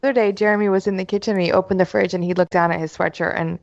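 A woman's voice: mid-range voice, racing, vocal fry, no room sound, lo-fi sound. A woman co-hosting a podcast who tells stories expressively, swears, and acts out what people said. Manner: expressive, swearing, acting out quotes. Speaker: podcast co-host. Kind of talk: casual chat.

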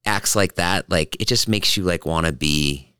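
A man hosting a podcast, telling stories in casual chat and acting out quotes in high voices. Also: normal speed, smooth, dry recording, clean studio sound. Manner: animated storyteller, acts out quotes in high voices. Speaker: podcast host.

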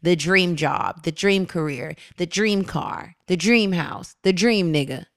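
Young woman co-host, low-pitched, animated and slangy, recorded dry and close. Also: unhurried, dry recording. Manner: animated storyteller, slangy and laughing. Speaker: podcast co-host. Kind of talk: casual spiritual self-help chat.

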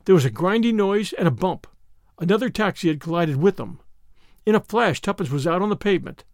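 A man narrating a novel in an expressive storytelling manner. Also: sits high, fairly quick, no echo, clean studio sound. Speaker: audiobook narrator. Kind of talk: scripted narration.

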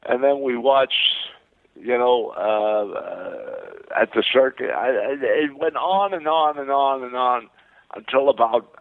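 An older man telling rambling show-business anecdotes as a guest, excited and full of restarts and repeated words. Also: medium pitch, slow pace, vocal fry, no echo. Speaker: interview guest. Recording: dry, tinny phone-like sound.

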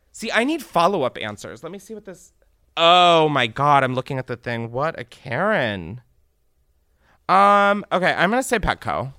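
A man's voice: on the high side, no room sound, clean studio sound. A young man hosting a podcast, chatting and joking sarcastically while reading reviews aloud. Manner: animated, sarcastic, swearing, laughing often. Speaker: podcast host. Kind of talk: casual comedic chat, reading reviews aloud.

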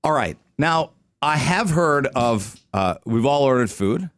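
A Canadian man hosting morning radio, talking casually and musing aloud at a middling pitch. His voice is close and dry, with no room sound around it. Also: lively intonation, measured pace, no room sound. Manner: chatty, joking, musing aloud. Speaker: radio morning show host. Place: radio studio. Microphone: studio microphone.

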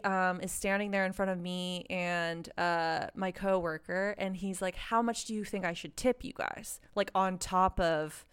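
A young woman telling a story in casual chat, animated and swearing, with lots of "like". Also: medium pitch, clean tone. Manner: animated, swearing, heavy use of "like". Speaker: podcast co-host.

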